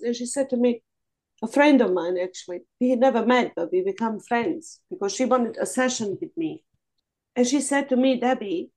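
A woman sharing her struggles candidly on a video call, blunt and animated, swearing freely. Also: on the high side, rough recording. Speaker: coaching group participant.

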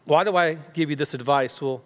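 A slightly high, a bit bright male voice moves briskly through a pastor's conversational sermon, complete with everyday dialogue performed in quoted voices. Faint music sits behind the long reverb of the church sanctuary.

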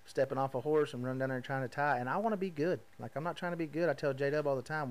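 Podcast host, male, 30s, casual and animated, plays the voices in his own stories. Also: mid-range voice, fast, hardly any pauses. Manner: animated, acts out quoted voices, laughs at himself. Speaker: podcast host, rodeo roper. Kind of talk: casual storytelling monologue.

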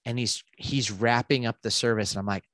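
A man, a podcast guest telling a story in a casual, animated way, full of fillers and restarts. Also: medium pitch, dry recording. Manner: animated, quick bursts with many fillers and restarts.

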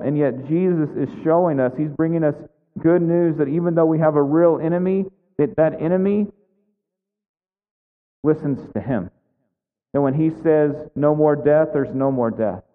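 A male pastor preaching a sermon in a conversational way, often checking in with "right?". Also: fairly high pitch. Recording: tinny phone-like sound with long hall reverb.

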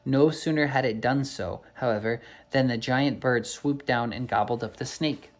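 A man's voice: medium pitch, moderate pace. Man reading a storybook aloud. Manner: unpolished reading with slips and self-corrections.

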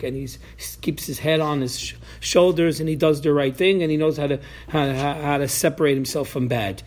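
Animated man teaching a Torah class. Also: a little high. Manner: animated, acts out voices of people in the story, frequent restarts.

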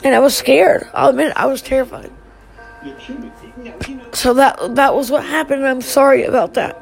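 On a live stream, a middle-aged woman delivers a halting, emotional message to her family, full of sighs and restarts. Her voice is pitched well above most women's, with vocal fry and gravel underneath, yet her tone stays steady. Soft music plays in the background of this rough recording.

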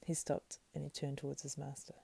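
A woman reading a fantasy novel aloud in a soft, slow, partly whispered and breathy manner. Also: low voice, monotone. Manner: slow, hushed, breathy, unhurried. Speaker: reader.

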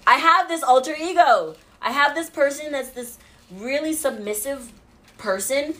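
A woman's voice: high-pitched, lively intonation, measured pace, sharp tone. A young woman and mom rambling in a casual podcast monologue, jittery from too much coffee and laughing often. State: over-caffeinated jitters.

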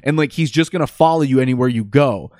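A man's voice: medium pitch, fast, darkish tone, no room sound, clean studio sound. A man in casual chat, retelling a movie plot in a loose, rambling way with frequent swearing. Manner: profane, rambling storytelling.

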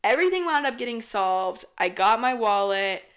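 A woman's voice: a little high, moderate pace. A young woman hosting a podcast, telling a story in a casual, rambling, profanity-laced way. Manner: profane, rambling, animated retelling. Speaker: podcast host.

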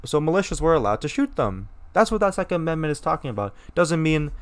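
A man's voice: on the high side, big pitch swings, fast, hardly any pauses, smooth. A young American man hosts a casual solo podcast, reading a news piece and then commenting on it. He talks bluntly and swears freely. He often stops mid-word to restart his sentences. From United States. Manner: blunt and profane, with many restarts and mocking voices. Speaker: podcast host.

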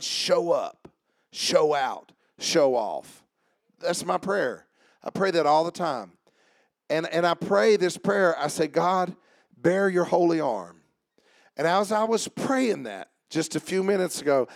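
A male pastor preaches a sermon in church, beginning low and conversational before rising to shouted preaching and calling out church members by name. There's no room sound.

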